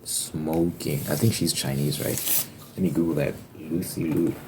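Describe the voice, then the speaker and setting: A man's voice: a bass voice, fairly even intonation, a little slow. A young man who makes ASMR videos, chatting casually and rambling, with unfiltered asides and the odd swear word. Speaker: ASMR creator. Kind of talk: casual ASMR chat over tapping. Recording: clear background noise. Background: tapping and card shuffling noise.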